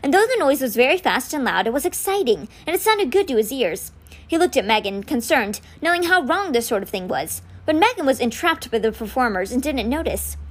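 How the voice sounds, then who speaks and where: A woman's voice: high-pitched, fairly quick. A woman reading a novel aloud for a podcast, telling the story expressively. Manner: expressive storytelling with quoted lines read in. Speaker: podcast book reader.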